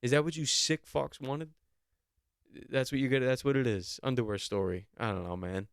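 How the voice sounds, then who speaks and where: A man's voice: mid-range voice, steady tone, normal speed, clean tone, no echo, clean studio sound. A young man hosting a solo podcast, talking in a rambling, sarcastic and profane way. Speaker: podcast host.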